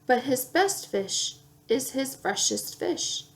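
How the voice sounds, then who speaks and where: A woman's voice: high voice, lively intonation, slow pace. A woman reading children's picture books aloud, playfully acting out the sound effects. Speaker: children's book reader.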